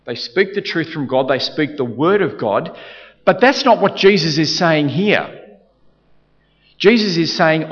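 Expressive and unhurried, a man preaches in a fairly high voice with a fairly bright tone, repeating himself and restarting often to hammer his points. His voice rings with long, large-hall reverb, and the recording sounds a little dull.

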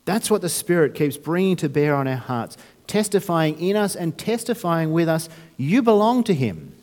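A man's voice: a little high, big pitch swings, normal speed, darkish tone, long reverb tail. A man preaching a sermon, talking conversationally with restarts and rhetorical questions. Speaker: pastor.

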